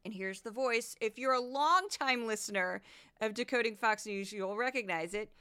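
A woman's voice: a little high, normal speed, sharp tone, clear, resonant tone. A woman hosting a political commentary podcast, talking in an indignant, sarcastic way. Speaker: podcast host.

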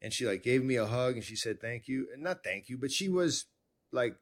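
A man hosting a conversation, telling a personal story in a rambling, animated way with many restarts. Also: mid-range voice, a little fast. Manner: rambling, self-interrupting, animated. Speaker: podcast host.

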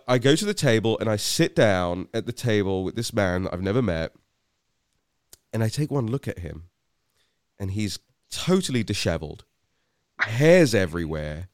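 A man's voice: mid-range voice, clean tone, no room sound, clean studio sound. A British man from West London, host of a podcast, telling a story in a rambling, self-deprecating way with many restarts. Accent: British English. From West London, England. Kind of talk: casual anecdotal storytelling.

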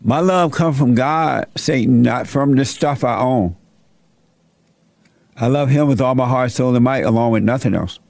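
A man's voice: medium pitch, moderate pace, creaky, darkish tone, dry recording, pitched below the performer's own voice, close to an everyday voice. A man voicing a faithful, defiant righteous man in a spoken Bible retelling. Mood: devout. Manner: firm, defiant.

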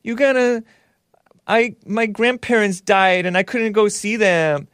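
A man's voice: high-pitched, a bit bright, smooth, dry recording, clean studio sound, voice pushed up. A man putting on the voice of a complaining young woman, drawn out and plaintive. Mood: whiny. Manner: plaintive, drawn-out mimicking whine.

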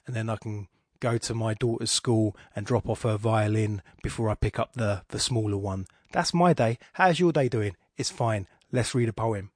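A man's voice: on the low side, flat delivery, normal speed, darkish tone, husky, no echo, studio quality. A man hosting a poetry podcast, reading a poem aloud and talking about it in a rambling, digressive way that keeps interrupting itself. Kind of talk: casual commentary and poetry reading.

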